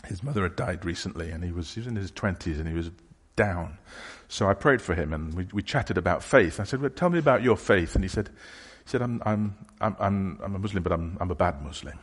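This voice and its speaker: A man preaches a sermon in a low, husky voice. He talks casually and haltingly, often restarting phrases and acting out imagined questions. His voice rings with the long reverb of a church hall.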